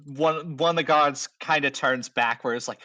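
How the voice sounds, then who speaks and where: Bright-voiced man running a tabletop game. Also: fairly high pitch, moderate pace, muffled recording, slight background noise. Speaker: game master.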